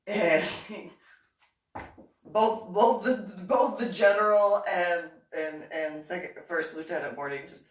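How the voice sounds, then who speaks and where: A middle-aged woman telling a personal anecdote in a giggly, excitable way, laughing often, in an echoey room away from the mic. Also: fairly low pitch, slow, distant mic. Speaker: vlogger.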